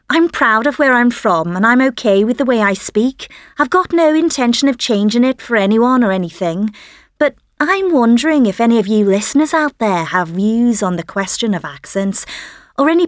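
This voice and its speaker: A woman's voice: on the high side, dry recording, clean studio sound. A woman with a Liverpool accent hosting a radio phone-in, frank and chatty. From Liverpool, England.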